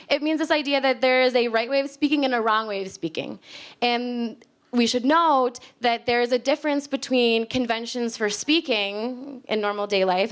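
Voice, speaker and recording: A young American woman giving a casual public talk on linguistics to a live audience, chatty and laughing often. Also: on the high side. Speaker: linguistics speaker. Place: library event space with live audience.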